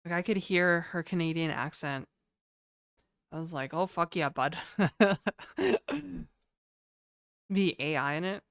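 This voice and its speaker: A woman's voice: on the low side, animated, slow pace, long pauses, clear, resonant tone, no echo, studio quality. A woman streaming live, chatting to her viewers in a laid-back, slangy way. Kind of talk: casual live-stream chat.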